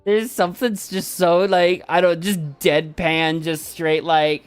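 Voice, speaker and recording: A man hosting a live stream, chatting casually in an animated, jokey and rambling way. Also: a little high, unhurried, clean tone, soft background music. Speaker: streamer host.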